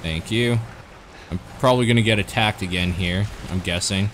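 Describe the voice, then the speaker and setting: A man's voice: low-pitched, normal speed, fairly bright tone, a little hiss or hum. A man giving casual gaming commentary in a dry, wry, sarcastic way. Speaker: co-op gamer.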